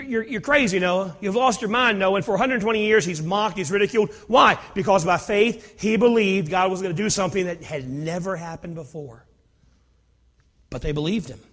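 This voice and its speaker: A man preaching a sermon, telling Bible stories in an animated way, acting out dialogue and repeating himself. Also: high-pitched, in a large hall. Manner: animated storytelling with acted dialogue and repetitions.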